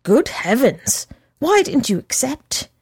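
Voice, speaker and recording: A woman voicing an anxious, gentle middle-aged mother in a storybook reading. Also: high voice, big pitch swings, slow pace, slightly rough, no room sound, studio quality, pitched above the performer's own voice, exaggerated voice. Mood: fretful. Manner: startled, fretting exclamations.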